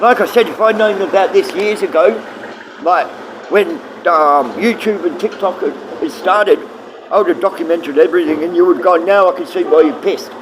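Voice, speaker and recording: A man's voice: high-pitched, moderate pace, background noise. A middle-aged man livestreaming, rambling and swearing casually as he answers his viewers.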